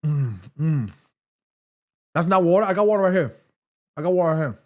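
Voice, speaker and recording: Lively, chatty man hosting a stream. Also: a little high, a little fast. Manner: chatty, reads chat messages aloud, eats between lines. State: sore throat. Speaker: livestream host. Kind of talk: casual watchalong chat. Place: home room.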